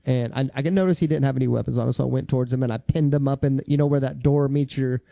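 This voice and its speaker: A man hosting a podcast, telling profane, animated stories about police stops in casual conversation. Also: mid-range voice, racing, creaky, dry recording, studio quality. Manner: profane, animated anecdotes with "you see what I'm saying". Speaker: podcast host, former police officer. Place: studio.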